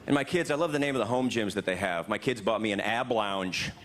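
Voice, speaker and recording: A man doing stand-up comedy on a club stage, animated and jumping into loud high voices for his bits. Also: brisk, very noisy. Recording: live club recording with crowd laughter. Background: laughing audience.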